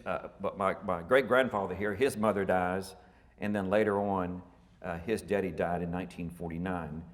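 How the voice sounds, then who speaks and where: A man, giving a folksy, rambling family history lecture full of fillers and self-corrections. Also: fairly low pitch. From Texas. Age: 50s. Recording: reverberant hall.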